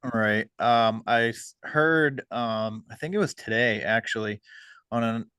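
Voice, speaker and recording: A man hosting a podcast, talking casually and hesitantly with many pauses. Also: medium pitch, pushed and bright, clear, resonant tone, no echo. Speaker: podcast host.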